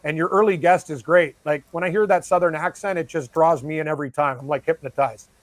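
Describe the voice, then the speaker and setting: Male guest, sports gambling pundit, high-pitched voice, dry close sound, energetic rambling. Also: no room sound. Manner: excitable, fast-rambling, laughs easily. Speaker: sports betting analyst guest. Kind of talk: casual chat.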